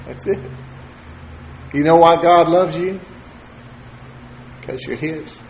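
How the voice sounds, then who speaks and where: A man's voice: on the high side, steady tone, slow pace, a little mellow, echoey room, a little hiss or hum, poor audio. A man preaching a sermon to his congregation. He quotes scripture with rising fervor and calls on listeners by name. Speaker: pastor.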